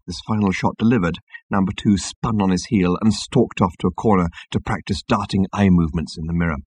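A man narrating a story in a wry, lively manner. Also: deep voice, brisk, breathy edge, dry recording. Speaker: audiobook narrator. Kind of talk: scripted narration.

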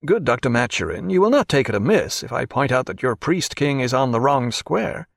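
A man's voice: mid-range voice, very animated, brisk, vocal fry, dry recording, studio quality. A man doing a courteous naval officer. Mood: polite. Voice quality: courteous, formal phrasing. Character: polite, keen naval officer chess player.

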